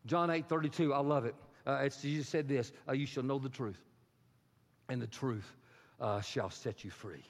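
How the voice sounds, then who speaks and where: A man preaching a sermon as a pastor, swinging from loud, soaring lines to hushed whispers. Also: medium pitch, normal speed. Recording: reverberant hall with music underneath. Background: soft guitar music.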